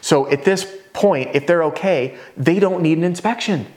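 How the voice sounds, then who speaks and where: A man in his thirties teaching a roofing sales lesson at a whiteboard, talking energetically and sometimes acting out homeowners in quick voices. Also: fairly high pitch, a little mellow.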